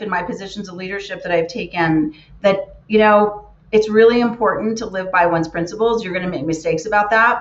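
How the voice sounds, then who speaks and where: A woman's voice: mid-range voice, fairly bright tone. A woman giving an earnest keynote talk, stressing her points by repeating words. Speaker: keynote speaker. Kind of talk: motivational talk. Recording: roomy, muffled lo-fi sound.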